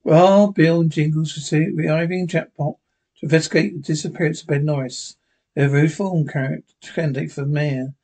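A man's voice: fairly high pitch, steady tone, moderate pace, a little mellow. A man reading a western radio drama script aloud, speaking the stage directions plainly.

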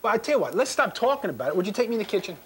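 A man's voice: high voice, big pitch swings, very fast, slight background noise. A man hosting a cooking show in a restaurant kitchen, upbeat and firing questions at his guest chef. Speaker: TV chef host.

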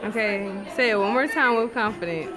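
A woman's voice: on the high side, brisk. A woman hosting a video, coaching guests to repeat affirmations and laughing often. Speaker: video host. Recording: crowd chatter behind.

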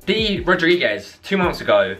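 A man's voice: a little high, big pitch swings, moderate pace, noisy background. A young English man vlogging casually, cheeky and slangy, often laughing as he reacts to comments. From England. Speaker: YouTuber.

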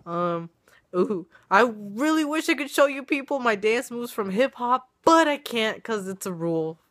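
A woman's voice: fairly high pitch, expressive, a little slow, fairly bright tone. A young woman vlogging casually, chatty and self-mocking, her voice worn and coming and going from being sick. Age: young adult. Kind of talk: casual vlog chat. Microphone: webcam or phone camera.

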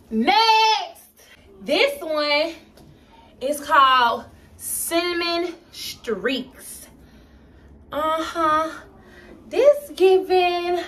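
A woman's voice: sits high, a bit bright. A woman running a casual try-on haul vlog, gushing, laughing and exclaiming as she shows off wigs in her shop. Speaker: wig shop owner showing stock. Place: indoor shop. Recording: distant mic with faint room noise.

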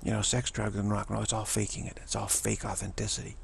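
A man giving a rambling spiritual monologue, halting and repetitive, sometimes dropping to a whisper. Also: fairly low pitch, completely flat delivery, creaky, a little hiss or hum. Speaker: spiritual vlogger.

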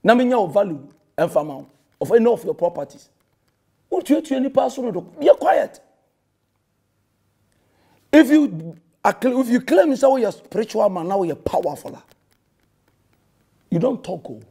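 A man's voice: high-pitched, big pitch swings, normal speed, long pauses, dark tone. A Ghanaian man, a pastor, delivering a heated and confrontational rebuttal that scolds a rival and mixes in English phrases.

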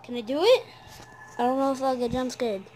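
A woman giving jumpy, exclaiming commentary while playing a horror game, often yelling at the characters. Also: sits high, a little fast, noisy background. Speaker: gamer.

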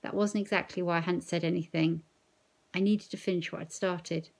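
A woman teacher reading a novel aloud in first person, slow, measured and expressive. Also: on the low side, creaky.

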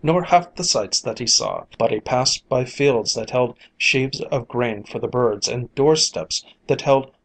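Storyteller for a fairy-tale reading; slow, lilting, unhurried. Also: medium pitch, poor audio.

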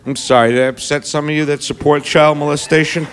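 A man's voice: on the high side, fairly even intonation, quick pace, fairly bright tone, a little hiss or hum. Brash profane stand-up comic man. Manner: brash, profane, crowd-baiting. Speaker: stand-up comedian. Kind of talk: stand-up comedy set. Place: comedy club stage with audience.

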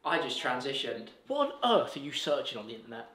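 A man's voice: medium pitch, big pitch swings, a bit bright, reverberant, a little hiss or hum. A man in his twenties presenting a gaming video, teasing his friends in playful banter. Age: 20s. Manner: teasing, quick-witted and playful. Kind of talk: casual banter over video games.

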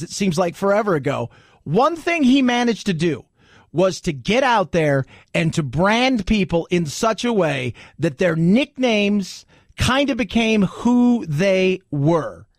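A man's voice: sits high, no room sound, clean studio sound. A man hosting a political commentary show, talking in a loose conversational way with rhetorical asides. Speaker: host.

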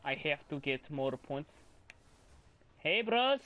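A young man giving casual commentary while playing a video game, swearing and yelling in frustration. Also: a little high, very animated, slow. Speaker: gamer commentator.

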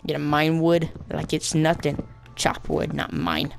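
A man's voice: a little high, flat delivery, moderate pace, gravelly, music in the background. A man giving casual let's-play commentary as a gaming channel host, rambling playfully, mocking himself and adding silly sound effects.

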